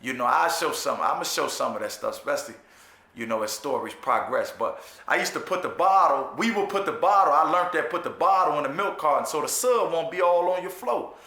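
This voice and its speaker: A man with a higher-pitched voice talks briskly in an echoey room, casually telling the story of his time in jail. His animated monologue is full of restarts, repetitions, profane street slang, and frequent "you know what I'm saying."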